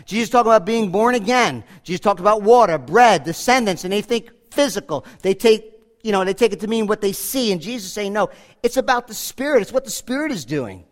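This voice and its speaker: Male preacher, higher voice, animated delivery that swings between loud and hushed. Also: brisk. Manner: asks the congregation direct questions. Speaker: pastor. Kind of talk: sermon.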